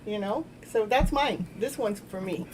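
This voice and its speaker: A woman's voice: medium pitch, moderate pace, heavy background noise. A woman hosting a live tarot stream, chatting casually in a giggly, playful, rambling way. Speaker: live tarot reader and show host.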